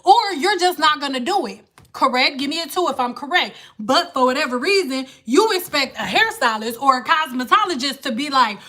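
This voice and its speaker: A former hairstylist chats on a livestream in a high, bright voice. She is blunt and animated and swears freely as she tells her story. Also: fairly quick.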